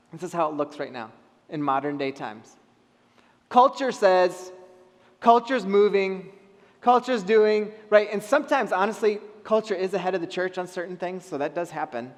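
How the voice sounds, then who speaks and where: Animated man preaching in reverberant hall. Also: fairly high pitch. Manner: animated, acts out voices of people in the story. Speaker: pastor. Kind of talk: sermon. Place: church hall.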